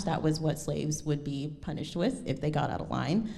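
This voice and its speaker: A woman presents a lecture recital with a mellow, slightly low voice. She talks in a thoughtful way, pausing on ums and correcting herself. Her voice carries a long reverb from the hall. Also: expressive, gravelly. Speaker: pianist giving a lecture recital.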